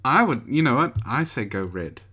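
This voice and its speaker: A man's voice: medium pitch, big pitch swings, moderate pace, sharp tone, breathy edge. A man co-hosting a casual comedy news show, teasing his co-hosts and laughing often. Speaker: podcast co-host. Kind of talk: casual banter.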